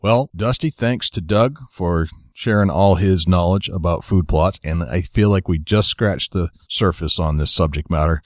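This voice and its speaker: Deep-voiced easygoing podcast host, a man. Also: normal speed, hardly any pauses, no room sound, studio quality. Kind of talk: casual podcast chat.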